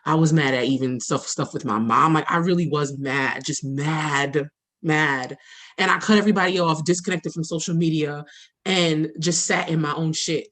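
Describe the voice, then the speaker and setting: A woman's voice: low-pitched, moderate pace, a bit bright. A woman from the Bronx hosting an interview, talking in a candid, reflective way and laughing easily. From the Bronx, New York. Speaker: host. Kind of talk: casual interview chat. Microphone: video call.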